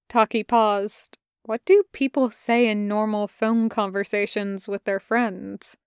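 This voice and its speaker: Slow, crisp woman reading a story. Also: mid-range voice, fairly even intonation, no echo, studio quality. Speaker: podfic reader. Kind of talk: scripted narration.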